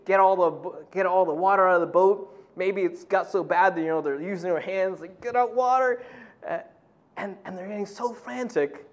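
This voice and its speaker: A middle-aged pastor preaches a sermon conversationally, peppering it with "you know," and acts out quotes in a loud, high voice.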